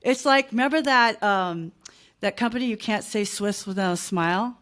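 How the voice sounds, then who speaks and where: A woman's voice: medium pitch, normal speed, a bit bright. A middle-aged woman, a podcast guest, telling stories in casual chat and acting out phone calls in voices.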